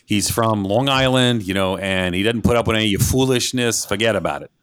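A blunt New York father barks along at a quick clip, clipped and brash, in a thick New York accent, as a man puts him on. The voice sits low and punchy, recorded dry and close. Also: a bit bright, smooth, dry recording, natural voice. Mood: gruff. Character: blunt fast-talking New York dad, no-nonsense.

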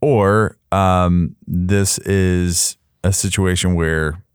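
A man's voice: sits low, fairly even intonation, drawn-out words, clean tone, no room sound, clean studio sound. A man co-hosting a ministry podcast, thinking aloud with many fillers and giving frank opinions. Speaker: podcast co-host. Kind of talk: casual podcast chat.

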